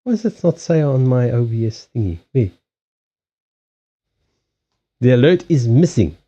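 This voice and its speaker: A man's voice: mid-range voice, expressive, mellow, slightly rough, lo-fi sound. A man from Africa hosting a casual live stream, chatting with viewers and often restarting sentences. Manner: chatty, halting restarts, answers viewer chat. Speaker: live-stream host and card reader. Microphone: streaming setup.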